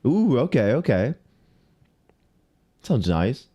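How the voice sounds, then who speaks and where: A man's voice: medium pitch, big pitch swings, slow, dark tone, husky, highs cut off. A man livestreaming a game, talking to himself and greeting viewers, mildly exasperated as he searches around. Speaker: streamer. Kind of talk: casual live game commentary.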